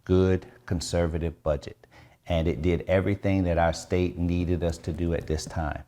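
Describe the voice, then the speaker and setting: A man's voice: low voice, level tone, moderate pace, warm tone. A man with an American accent, a lawmaker answering an interview in an emphatic, persuasive way.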